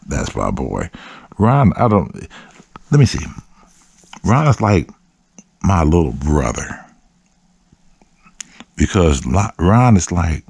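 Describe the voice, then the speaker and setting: A man hosting his own show, telling profane, animated stories and acting out other people's voices. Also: very deep voice, gravelly, slightly rough, no echo, clean studio sound. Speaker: host. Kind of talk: casual storytelling.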